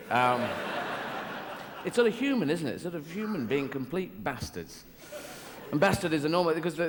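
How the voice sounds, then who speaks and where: A man's voice: medium pitch, expressive, fairly quick, background noise. An English man performing a rambling, digressive stand-up routine full of swearing, on a large theater stage. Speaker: stand-up comedian. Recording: reverberant live hall with ambience.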